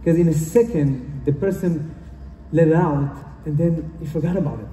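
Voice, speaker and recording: In a large conference hall, picked up from a distance, a man gives an earnest motivational speech at a normal speed. His pitch is a little high and his tone warm, with slight background noise present. He tends to repeat himself and phrases things like a non-native speaker.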